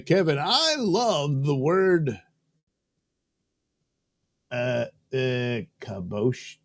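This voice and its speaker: A man's voice: medium pitch, very animated, extremely slow, long pauses, no echo, studio quality. A man hosting a live show in a casual, joking way, reading viewer comments aloud and tossing in silly voices. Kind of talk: casual live-stream chat. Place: studio.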